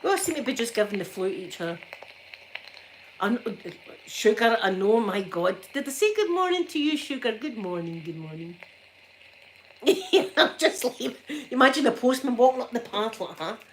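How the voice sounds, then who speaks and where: Chatty Glaswegian woman, soft spoken. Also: a little high, lively intonation, normal speed, slight background noise. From Scotland. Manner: chatty storytelling with frequent laughs and soft asides. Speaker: ASMR livestream host. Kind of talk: casual chat.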